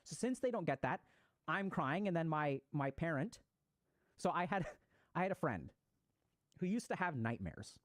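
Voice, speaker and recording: A man's voice: fairly high pitch, very animated, moderate pace, pauses often, dry recording. A man giving a conversational lecture on psychology, explaining ideas and acting out short example voices.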